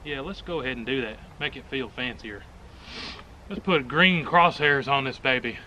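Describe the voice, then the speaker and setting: This man hosts a firearms video, speaking at normal speed in a mid-range voice that sounds pushed and bright, with a faint hiss or hum. Filmed on an action camera at a rural outdoor range, his casual shooting demo is folksy, jokey and full of enthusiasm.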